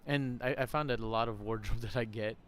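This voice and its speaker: A brisk, fairly bright man's voice of medium pitch belongs to a podcast host rambling casually at an outdoor shopping center. He laughs often during this vlog monologue, and the audio has a little hiss or hum plus faint outdoor crowd ambience.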